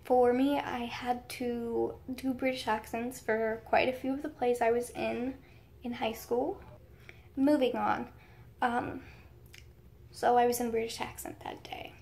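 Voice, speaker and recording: Young woman with a gravelly fry. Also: on the high side, a little mellow. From United States. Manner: chatty, rambling storyteller. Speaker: vlogger. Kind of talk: casual storytime vlog.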